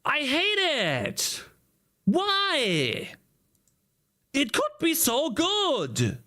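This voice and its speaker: A man coding a game on a livestream mutters to himself in frustration, swearing, his voice worn from screaming. It's very high-pitched and bright, pushed hard, with wildly swooping pitch, and he talks very slowly.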